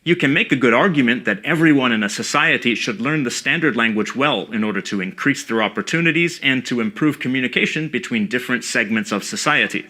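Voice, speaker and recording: A man giving scripted educational narration about speech sounds, in a measured and precise way. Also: medium pitch, lively intonation, pushed and bright. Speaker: language educator.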